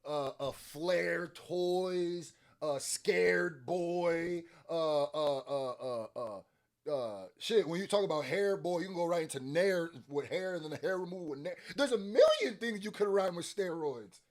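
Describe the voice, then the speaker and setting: A young man with a slightly raised pitch runs a casual reaction video. He talks in an animated, excitable way. He laughs often and swears freely while judging rap lines. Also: a little slow. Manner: scores bars with playful points and deductions.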